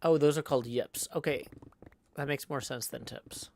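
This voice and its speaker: Male streamer host, live-stream chat, mid-pitched, rambling and playful, musing out loud between viewer messages. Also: steady tone, moderate pace, vocal fry, slight background noise. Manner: playful, rambling, thinks aloud; reads viewer messages aloud.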